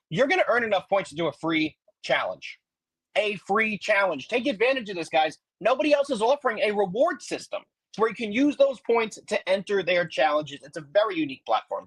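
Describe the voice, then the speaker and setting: A man co-hosting a sports betting podcast who talks fast and pushes hard, like a sales pitch. His voice is husky and a bit high for a man. The sound is dry and close, with no room echo. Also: lively intonation, a bit bright. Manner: hyped, teasing, sales-pitch energy. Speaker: co-host.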